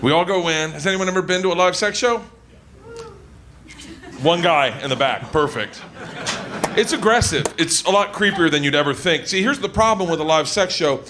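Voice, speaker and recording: Loud, excitable stand-up comedian man. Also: on the high side, normal speed, a little hiss or hum. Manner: loud, excitable, swears freely, laughs through his lines. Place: comedy stage before an audience.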